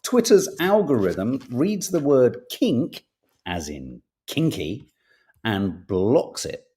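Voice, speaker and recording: Chatty middle-aged man, lively pitch. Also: slow. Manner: jokey, chatty, with playful asides while reading headlines aloud. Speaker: host. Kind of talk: casual live-stream chat, reading newspaper stories and viewer comments.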